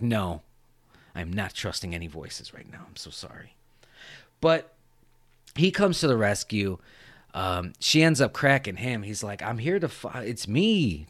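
A man hosting a podcast, retelling a film scene in a rambling, profane, animated way. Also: fairly low pitch, no room sound. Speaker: podcast host. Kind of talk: casual film chat.

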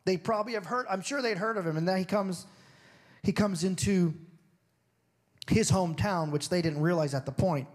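A man preaching a sermon with a somewhat high-pitched voice. He talks in a loose, conversational way, sinking low and hushed for scripture and rising sharply when he makes a point. He often slips into other people's voices to make the story vivid. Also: normal speed, pauses often. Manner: swings between low, hushed reading and high, emphatic stretches. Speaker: pastor.

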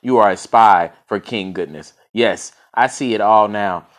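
A man voicing a suspicious, blustering king in a storybook reading, with an accusing, forceful manner. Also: on the low side, a little slow, lightly acted.

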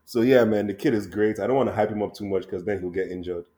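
A man in casual football chat, an animated storyteller who swears freely. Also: fairly low pitch, quick pace, a crowd in the background.

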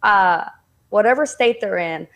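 A woman from Texas speaks with a toned-down Texas accent at an ordinary mid pitch. She talks bluntly and with emphasis as a guest in a relaxed interview. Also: measured pace. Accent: softened Texas. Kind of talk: casual conversational interview.

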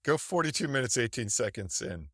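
A man's voice: mid-range voice, lively intonation, brisk, fairly bright tone, breathy edge, no echo, studio quality. A man co-hosting a podcast, making sarcastic jokes in casual chat about old wrestling episodes. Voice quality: sarcastic, joking. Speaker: podcast co-host.

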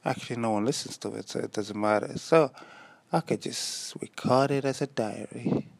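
A man's voice: medium pitch, normal speed, gravelly, no room sound. A young man hosting a solo diary-style podcast, rambling and musing aloud with self-mocking asides. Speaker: podcast host.

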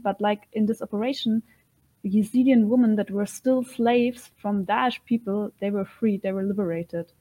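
A woman's voice: medium pitch, normal speed, narrow, tinny audio. A woman guest in an interview, speaking earnestly and sometimes searching for words. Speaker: guest, militia fighter.

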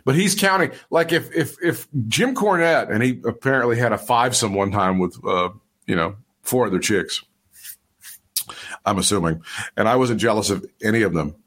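A man's voice: on the low side, normal speed, a bit bright. A man co-hosting a podcast in casual chat, crude and joking, laughing often. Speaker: podcast co-host.

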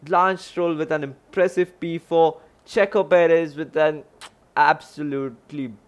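A young man from India hosts his own podcast. He rambles through his commentary, trips over his words and corrects himself as he goes. His voice sits in an ordinary middle pitch. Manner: rambling, self-correcting, restarts often. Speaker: podcast host.

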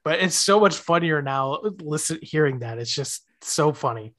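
A man's voice: fairly high pitch, moderate pace. A man in his thirties co-hosting a podcast, chatting casually and acting out characters' lines as he retells scenes. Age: 30s. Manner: animated, acts out characters' lines while retelling. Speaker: podcast co-host. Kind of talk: casual chat recapping a TV episode.

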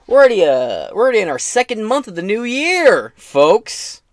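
Male podcast host, lively and high-ish, crude joking commentary, dry close sound. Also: normal speed, dry recording. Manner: rambling, profane, joking asides. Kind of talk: casual political podcast commentary.

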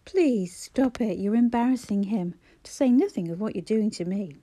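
A woman's voice: medium pitch, normal speed, warm tone, lightly acted. A woman voicing a polite, wry young mother.

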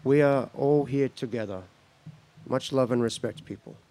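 A man from Australia giving a personal spoken-word talk at a gathering, reflective and slow, breaking into laughter between phrases. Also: mid-range voice, dark tone. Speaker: speaker at a gathering.

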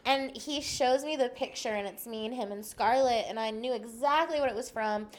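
At a moderate pace and with a fairly high-pitched voice, a young woman guesting on a podcast tells a lively, casual story. She laughs frequently and performs the quoted lines of the people in it.

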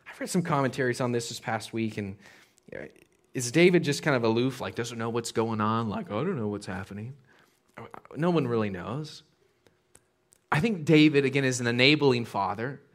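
A man's voice: mid-range voice, normal speed. A man preaching a sermon as a pastor, conversational and casual with slang.

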